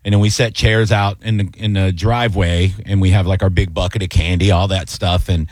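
A man's voice: low voice, steady tone, fairly quick, a little mellow, dry recording. A man hosting a radio show, chatting casually in a laid-back, rambling way full of fillers.

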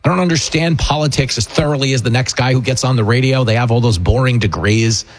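A man's voice: medium pitch, fast. A middle-aged man hosting a political talk radio show, delivering a sarcastic, mocking monologue that slips into put-on voices.

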